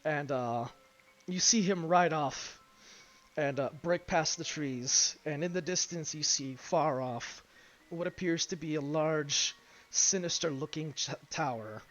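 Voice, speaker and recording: A man narrating a tabletop game as game master, halting over his words with frequent fillers and restarts. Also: on the high side, fairly bright tone. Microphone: streaming mic. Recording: dull lo-fi stream, faint music.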